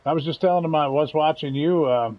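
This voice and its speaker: A man's voice: fairly high pitch, fast, dull audio. Folksy man chatting over gameplay. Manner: folksy, chatty, chuckles often. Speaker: gaming channel host. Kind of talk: casual gameplay commentary.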